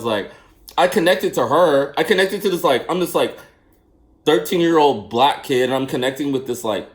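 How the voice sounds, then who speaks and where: A man chatting casually and telling rambling personal stories, often laughing and saying man and bro. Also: mid-range voice. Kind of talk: casual storytelling chat.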